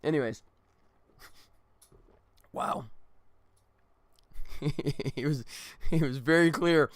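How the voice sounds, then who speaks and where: A man's voice: a little high, drawn-out words. A tired middle-aged man, a game developer, chatting casually and ramblingly on a livestream. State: exhausted.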